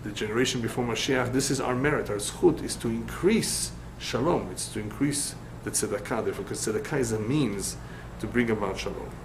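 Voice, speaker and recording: A man's voice: medium pitch, a little fast, few pauses, noisy background. A middle-aged man, a rabbi, giving a Torah study lecture, emphatic and fond of repeating his key points. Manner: lively storyteller.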